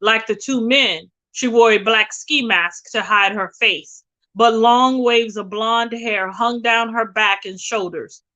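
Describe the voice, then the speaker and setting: A woman reads a suspense novel aloud with dramatic, expressive delivery. Her voice is bright and tense and sits a little high for a woman. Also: takes it slowly, dull audio. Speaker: reader.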